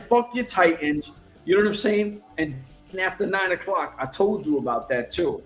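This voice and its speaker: A man co-hosting a casual wrestling chat show, telling stories in an animated, excitable way with plenty of swearing. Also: high-pitched, normal speed, echoey room, faint music behind. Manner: animated, profane, excitable storytelling. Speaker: co-host.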